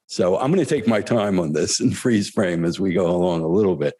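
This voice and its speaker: An older man telling spiritual stories in a thoughtful, reflective way, pausing often and chuckling as he goes. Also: deep voice, warm tone, breathy edge. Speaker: spiritual storyteller. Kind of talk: reflective storytelling talk.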